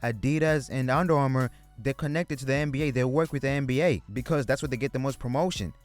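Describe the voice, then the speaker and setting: A man's voice: mid-range voice, fast talker, soft background music. A man giving casual commentary on sports news as a vlogger, blunt, joking and profane.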